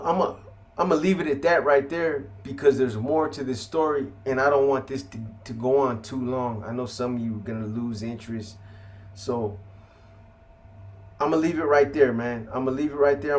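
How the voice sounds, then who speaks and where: A man telling his own story to viewers in blunt street slang with heavy swearing. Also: mid-range voice.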